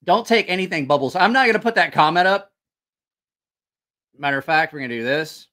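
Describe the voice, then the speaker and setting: A man rambles through a casual stream and swears freely as he answers viewers. His bright, lively voice rises and falls a lot. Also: a little high, a little fast. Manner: rambling and profane, reacting to comments. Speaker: channel host. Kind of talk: casual livestream chat with viewers.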